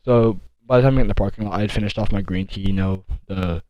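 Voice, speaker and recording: A teenage boy telling a story from his school days, rambling with many fillers and restarts, deliberately slowing his speech. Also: fairly low pitch, no room sound, dull audio. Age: teens. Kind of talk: casual storytime monologue.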